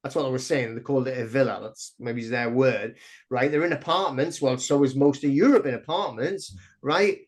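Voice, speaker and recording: Middle-aged man, podcast guest, rambling and excitable, mid-pitched, lots of false starts. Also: normal speed. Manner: rambling, excitable storyteller with many restarts. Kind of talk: casual interview chat.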